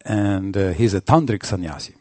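A man giving a devotional lecture, halting and restarting, telling stories animatedly. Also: low-pitched, no room sound. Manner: halting, many fillers and restarts, animated storytelling. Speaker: spiritual teacher.

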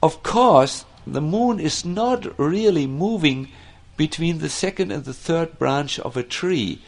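A man giving a devotional lecture, telling stories slowly, with frequent fillers and restarts. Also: a little high, creaky. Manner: slow, animated storytelling with many fillers and restarts. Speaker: spiritual teacher.

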